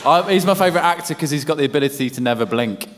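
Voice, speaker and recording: A man's voice: fairly high pitch, animated, a crowd in the background, background noise. Joking young man in a reverberant hall. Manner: jokey, quick banter. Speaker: actor panelist. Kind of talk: convention panel Q&A. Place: convention panel hall.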